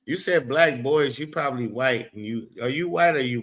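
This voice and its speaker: A man's voice: medium pitch, normal speed, a bit bright. A man hosting a live stream, rambling, profane and blunt as he talks back to his chat. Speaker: livestream host.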